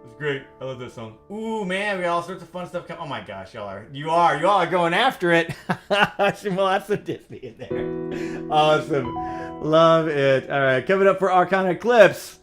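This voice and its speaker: A man's voice: on the high side, animated, normal speed, fairly bright tone. A man hosting a livestream, talking casually between piano songs and laughing often. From United States. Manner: upbeat, chatty, laughs often. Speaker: livestream host and pianist. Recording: piano music under the voice. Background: piano music.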